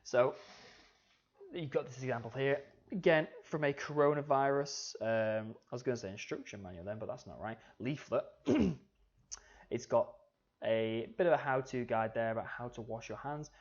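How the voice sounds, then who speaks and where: Relaxed male teacher, lo-fi audio. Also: medium pitch, moderate pace. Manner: relaxed, says "okay" often, talks to students directly. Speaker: media studies teacher. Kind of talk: recorded slide lecture. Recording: slightly dull lo-fi audio.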